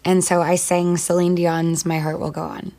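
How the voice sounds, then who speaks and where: A woman, a singer and actor, answering interview questions in a chatty, playful way and firing off quick one-word replies. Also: lowish voice, little pitch movement.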